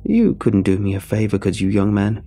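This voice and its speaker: A man's voice: lowish voice, big pitch swings, moderate pace, warm tone, soft background music. A man voicing a shrewd, shriveled elderly woman who squawks and rambles. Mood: squawking, rambling.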